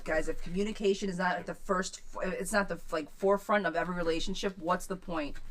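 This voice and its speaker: A woman with a somewhat low voice hosts a live tarot reading and reads out questions from her chat. Her answers are blunt and outspoken, with plenty of casual swearing. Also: a bit bright. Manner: reads viewer questions aloud, then answers them. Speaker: tarot reader.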